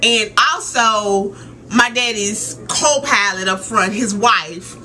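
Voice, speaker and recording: A woman in her thirties telling a story in a casual, animated rant, laughing and exclaiming as she goes. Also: medium pitch, slow, a little hiss or hum. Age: 30s. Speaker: vlogger.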